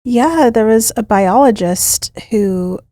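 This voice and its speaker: A woman co-hosting a true-crime podcast who reacts to the story with quick quips and exclamations. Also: on the high side, dark tone, no room sound, clean studio sound. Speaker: podcast co-host. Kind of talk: casual chat.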